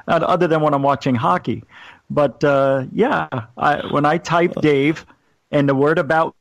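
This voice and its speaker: A man's voice: a little high, unhurried, gravelly, no room sound. A man who hosts his own radio show, bantering playfully with the host. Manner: punchy promo delivery, playful banter.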